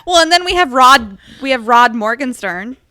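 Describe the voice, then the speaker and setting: A woman's voice: high-pitched, animated, normal speed, pushed and bright. A woman co-hosting a book podcast, laughing often and musing aloud in casual chat. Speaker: podcast co-host.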